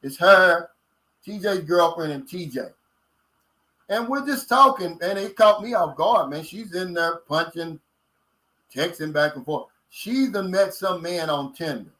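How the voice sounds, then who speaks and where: A man in his late fifties with a Kentucky country accent talks in a casual vlog chat. His voice sits a little high for a man. His delivery is folksy and blunt, and he keeps tossing in "man" as he reacts to viewer comments. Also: lively intonation, measured pace, sharp tone, poor audio. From Kentucky, USA. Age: 50s. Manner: folksy and blunt, drawls out filler words. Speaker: vlogger reading viewer comments.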